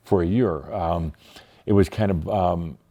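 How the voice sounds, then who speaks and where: A middle-aged man from the United States speaks as an interview guest, recounting a personal story. His voice sits very low and sounds dark and mellow. He talks reflectively, pausing often with fillers. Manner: reflective, hesitant with frequent fillers.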